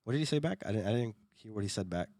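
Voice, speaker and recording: A young man with a fairly low voice tells a story on a podcast, loose and chatty, laughing and swearing as he goes. He stumbles over and repeats words. The sound is close and dry, with no room around it. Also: animated, very fast, mellow, dry recording. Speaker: podcast co-host. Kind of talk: casual storytelling chat.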